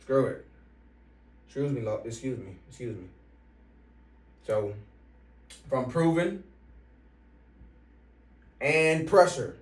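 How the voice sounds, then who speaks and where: A man giving a motivational money-mindset talk as an online business coach, swearing freely and punching key points louder. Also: medium pitch, expressive, slow pace, long pauses. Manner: profane, emphatic, bursts louder on key points. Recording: roomy, from some distance.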